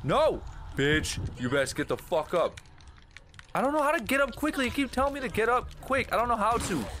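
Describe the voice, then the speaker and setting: A man's voice: extremely high pitch, big pitch swings, brisk, background noise. Swearing, flustered man playing a game. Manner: profane, flustered, exclaiming at the game. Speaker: gaming channel host. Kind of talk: live gameplay commentary.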